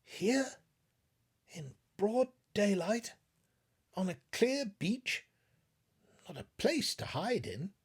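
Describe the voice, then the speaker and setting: A man voicing a frightened, bewildered young male scientist in an audiobook, exclaiming in a husky voice. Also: sits high, big pitch swings, extremely slow, long pauses, voice pushed up, full character voice. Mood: panicked. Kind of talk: audiobook reading.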